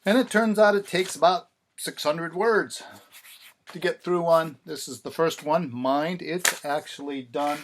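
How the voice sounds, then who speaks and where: A songwriter vlogger films himself chatting casually about writing lyrics, wry and sarcastic, leaning on mock-dramatic repetition. His voice sits on the high side and moves a little slowly, with a faint hiss or hum in the recording.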